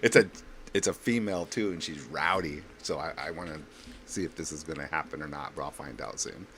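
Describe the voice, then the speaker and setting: A man chatting casually as a guest on a live stream, easygoing and quick to laugh. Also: very deep voice, crowd noise. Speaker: co-host guest.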